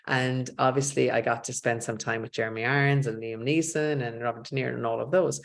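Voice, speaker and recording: A woman's voice: extremely low pitch, a little fast, gravelly. A middle-aged woman, an author talking as a guest in a casual interview and telling stories, quoting other people's lines as she goes. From Ireland. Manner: animated storyteller, quotes others in dialogue.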